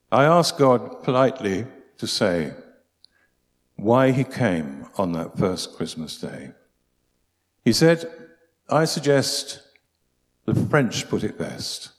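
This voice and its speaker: A man giving a preaching talk, telling stories in an animated, humorous way. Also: deep voice. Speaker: speaker. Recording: long hall reverb.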